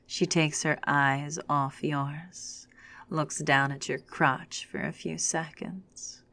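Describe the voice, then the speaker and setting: A woman narrating a second-person story in a hushed, unhurried, often whispered reading. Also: deep voice, vocal fry.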